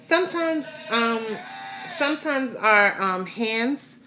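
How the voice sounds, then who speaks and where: A woman's voice: a little high, animated, slow, sharp tone. A middle-aged woman chatting casually in a rambling, heartfelt way while giving a personal health update to her viewers. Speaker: vlogger sharing a health update.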